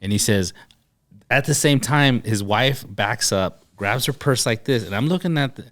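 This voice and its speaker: A chiropractor with a mid-range voice chats on a podcast at a moderate pace, telling personal stories. He's an animated storyteller who acts out the dialogue as he goes.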